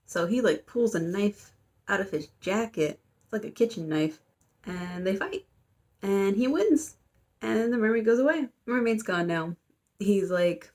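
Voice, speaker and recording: A woman's voice: mid-range voice, expressive, a little slow, darkish tone. A young adult woman giving a casual, rambling plot recap, full of fillers and little asides. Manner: rambling, filler-heavy, amused. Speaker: YouTuber.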